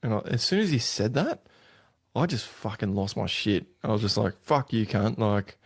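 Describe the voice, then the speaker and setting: Blunt, low-voiced Australian man. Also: big pitch swings, moderate pace, slightly rough. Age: middle-aged. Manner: blunt, swears freely, laughs often. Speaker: podcast host. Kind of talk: casual chat.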